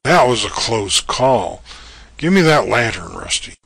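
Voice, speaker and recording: A man voicing a commanding adventurer, unhurried delivery, dry close sound. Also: mid-range voice, big pitch swings, gravelly, fairly bright tone, slightly rough, no echo, exaggerated voice. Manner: brisk, commanding, level-headed. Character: bold adventurous man exploring a castle. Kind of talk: audio drama acting.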